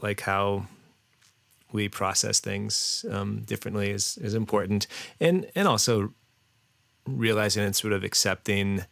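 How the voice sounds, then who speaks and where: A man talking as a podcast guest in a relaxed, rambling way, full of fillers and restarts. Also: fairly low pitch, creaky, dry recording. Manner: rambling, hesitant, many fillers and restarts, laughs often. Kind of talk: casual interview chat.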